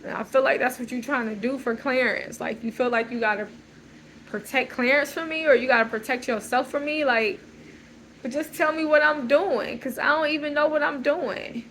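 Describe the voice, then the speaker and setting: A woman's voice: high voice, fairly even intonation, moderate pace, a bit bright, slight background noise, poor audio. A woman in an unscripted emotional monologue, rambling and agitated, repeating "like" as she talks. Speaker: vlogger.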